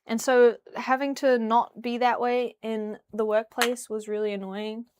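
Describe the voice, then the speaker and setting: A woman's voice: a little high, level tone, measured pace, darkish tone, slight background noise. Chatty young woman from New Zealand. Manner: rambling, chatty, hums and sings nonsense syllables while tidying. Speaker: livestreamer. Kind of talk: casual livestream chat. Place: her bedroom.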